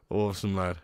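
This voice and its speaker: A young man hosting a live football watch-along, chatting casually and answering viewer comments between bursts of excitement at the match. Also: deep voice, clear, resonant tone, no room sound, clean studio sound.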